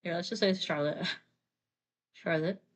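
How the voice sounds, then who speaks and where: A woman's voice: on the low side, fairly even intonation, a little slow. Chatty woman narrating while drawing. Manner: chatty, giggly, full of fillers. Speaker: artist and streamer. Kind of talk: casual storytelling while drawing.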